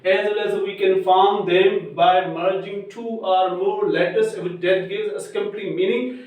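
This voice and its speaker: A male teacher gives a grammar lecture slowly, repeating each point as he goes. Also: very high voice. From Pakistan. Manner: slow, repetitive, restates each point. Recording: very echoey room, voice far from mic.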